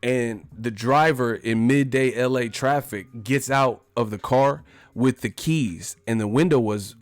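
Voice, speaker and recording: A man's voice: medium pitch, unhurried, no echo. A man hosting a livestream, chatting casually in a laid-back, slangy, rambling way. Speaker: livestream host. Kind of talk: casual chat.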